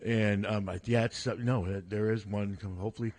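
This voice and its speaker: A man with a somewhat low voice hosts a relaxed sports radio show from the studio. He chats freely, laughs easily and often breaks off to restart his sentences. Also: brisk. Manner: chatty, prone to laughing, many restarts. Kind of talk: casual sports radio chat.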